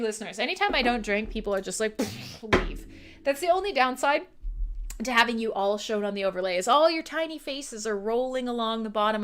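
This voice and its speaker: A woman's voice: on the high side, sharp tone. Giggly, playful woman streaming live. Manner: giggly, playful, self-deprecating, chatty with viewers. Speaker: livestream radio host. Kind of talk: casual livestream chat.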